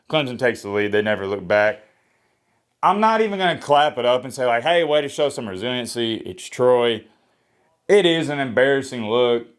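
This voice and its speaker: A man doing a solo sports reaction vlog. He talks in a blunt, opinionated way, with energetic swings in pitch and a slightly hoarse voice. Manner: opinionated, blunt trash talk. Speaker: sports vlogger. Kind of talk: solo college football reaction.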